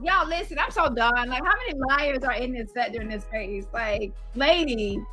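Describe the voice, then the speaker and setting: A woman's voice: on the high side, moderate pace, pushed and bright, faint music behind, rough recording. A woman hosting casual live commentary, blunt and exasperated, swearing and laughing as she talks. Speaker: livestream host.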